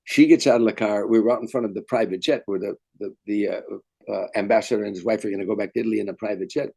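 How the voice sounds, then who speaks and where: Older man telling animated comedy stories. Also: lowish voice, racing, gravelly, husky. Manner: animated storyteller, acts out quotes. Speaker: guest comedian. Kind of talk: storytelling interview.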